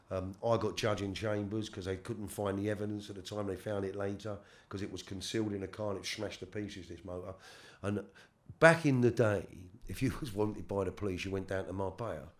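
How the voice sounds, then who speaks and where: A middle-aged man from London with a London accent, a guest in a candid interview, talking haltingly with casual slang and repeated words. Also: on the low side, fairly even intonation. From London, England. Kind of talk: candid life-story interview.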